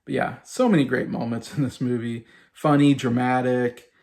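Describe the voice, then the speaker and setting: A man in his thirties talks casually to his viewers, full of enthusiasm and loose fillers. His mid-pitched voice has a gravelly, fry-heavy texture. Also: fairly even intonation, moderate pace, a little mellow. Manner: enthusiastic, rambling with many fillers. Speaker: YouTube host ranking movies. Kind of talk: casual chat.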